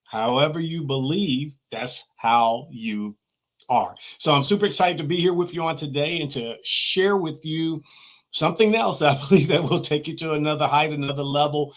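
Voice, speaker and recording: A man's voice: fairly high pitch, brisk. Emphatic, earnest male motivational speaker. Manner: earnest, emphatic, repeats key phrases for emphasis. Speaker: motivational speaker, show host. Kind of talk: motivational teaching monologue.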